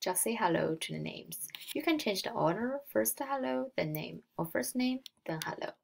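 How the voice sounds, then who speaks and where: A young woman with a Mandarin Chinese accent teaching a beginner Mandarin lesson in English. She explains slowly, step by step, and models the tones aloud. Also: medium pitch, animated, vocal fry. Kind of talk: recorded slideshow lesson.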